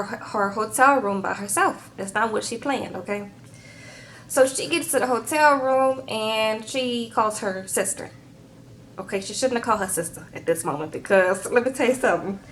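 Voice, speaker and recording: Woman vlogger, sassy and chatty, slightly high voice, for a casual recap. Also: a bit bright, a little hiss or hum, low-quality recording. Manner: sassy, chatty, tags lines with "okay?" and "girl". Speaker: YouTube reality-show recapper.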